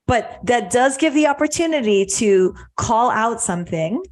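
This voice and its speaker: A woman hosting a podcast, calmly explaining ideas in a reflective conversation. She often restarts and repeats words as she thinks aloud. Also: on the high side, normal speed. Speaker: podcast host.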